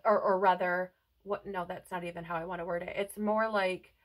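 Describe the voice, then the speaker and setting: A woman's voice: on the low side, little pitch movement, fairly quick, rough recording. A woman giving a spiritual tarot reading to her viewers, earnest and reassuring, often checking in with "right?". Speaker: tarot reader. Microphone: headphones on, close mic.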